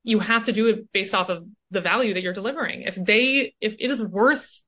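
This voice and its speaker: Bright-voiced woman coach, animated. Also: medium pitch, a little fast. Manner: animated, often tags "right?". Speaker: guest, coach. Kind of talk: casual conversation.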